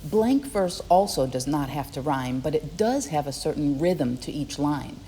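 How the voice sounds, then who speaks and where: Woman, teacher, scripted lesson narration, low voice, clear friendly explaining, long reverb. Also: lively intonation, measured pace, warm tone, a little hiss or hum. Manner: clear, friendly explaining, reads rhythm examples aloud.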